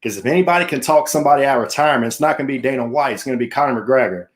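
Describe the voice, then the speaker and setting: A man's voice: mid-range voice, very fast. A man hosting a casual sports talk show, chatty and jokey, tossing questions to his co-host and viewers.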